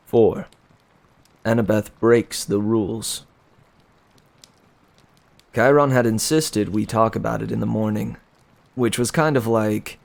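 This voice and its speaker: A man reading a novel aloud in plain, unhurried storytelling. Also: lowish voice, steady tone, gravelly. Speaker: reader.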